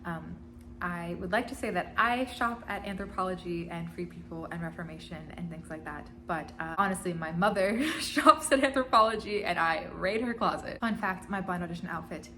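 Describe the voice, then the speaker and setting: A woman's voice: lowish voice, normal speed, sharp tone. A young woman in her twenties, a singer and vlogger, answering fan questions in a giggly, chatty and playful way. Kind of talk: casual Q&A vlog.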